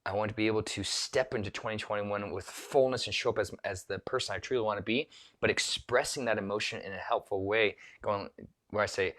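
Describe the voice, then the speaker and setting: A man with a fairly low voice coaching keynote speakers in a loose solo talk to camera. He rambles, restarts his sentences and fills his pauses with ums and repeats. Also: a bit bright. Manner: rambling, self-correcting, with many restarts and filler words.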